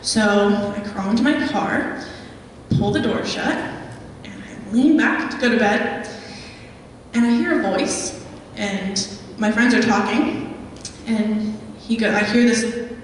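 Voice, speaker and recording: Young woman speaker, chatty storytelling, slightly high voice, recorded from far off in a hall. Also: slow, a little hiss or hum. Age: young adult. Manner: chatty storytelling with many ums. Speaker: guest speaker. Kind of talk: live talk with audience questions. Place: meeting hall.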